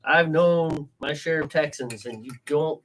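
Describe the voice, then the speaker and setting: A man co-hosting a casual home-brewing show, chatting and joking about beers in animated banter. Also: fairly high pitch, a little slow. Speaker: co-host. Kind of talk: casual chat.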